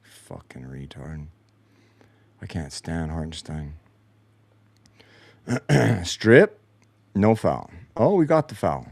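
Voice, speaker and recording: A man's voice: extremely low pitch, animated, takes it slowly, gravelly, pauses often, a little mellow, slightly rough, no echo. A man hosting a post-game show, breaking down replays with frustrated, sarcastic and heavily profane commentary from his basement. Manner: frustrated, sarcastic, swears a lot. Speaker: show host. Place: home basement.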